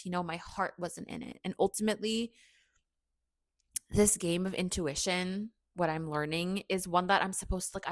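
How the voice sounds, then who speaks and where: A woman's voice: on the low side, fairly bright tone, dry recording, clean studio sound. A young woman hosting a podcast, telling a personal story in a candid, chatty way, full of "like" and self-mocking asides. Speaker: podcast host.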